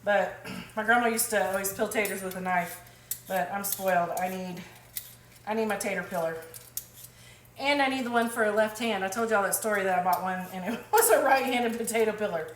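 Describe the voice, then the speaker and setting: A woman's voice: medium pitch, a little fast, a little hiss or hum. A woman, chatting casually and folksily while cooking in her home kitchen. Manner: chatty, folksy, laughs easily. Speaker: home cook vlogger. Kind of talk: casual cooking video chat. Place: home kitchen, frying on the stove. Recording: echoey kitchen with loud frying sizzle. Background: sizzling pan and stirring.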